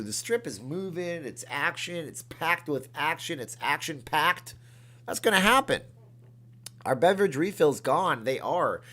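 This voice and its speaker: A man hosting a casual livestream from his room, chatty and reading out viewer comments and thanking them with excitement. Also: on the high side. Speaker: livestream host.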